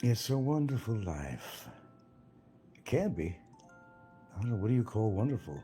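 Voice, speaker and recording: A man's voice: lowish voice, sing-song, normal speed, dark tone, faint music behind. An older retired man hosting a livestream, rambling casually from topic to topic and swearing freely. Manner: meandering, swears freely, jumps between topics. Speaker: livestream host.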